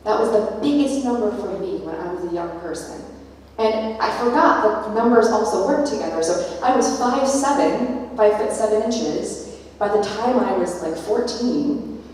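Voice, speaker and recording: A middle-aged woman gives an animated keynote talk, slipping into the voices of the people she quotes. Her voice is set at a middle pitch for a woman. It carries through a large, reverberant hall and reaches the mic from a distance. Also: moderate pace. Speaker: keynote speaker. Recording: echoey hall, far from mic.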